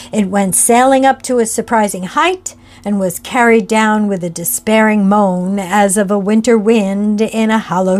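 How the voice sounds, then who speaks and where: A woman narrating a classic ghost story in a slow, measured reading voice. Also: mid-range voice, darkish tone.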